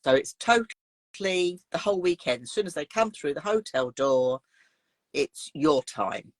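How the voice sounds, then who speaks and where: A woman's voice: low voice, lively intonation, measured pace, no echo. Fields: Sex: woman. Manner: chatty, detailed. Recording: dry. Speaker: craft teacher running retreats. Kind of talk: casual interview chat.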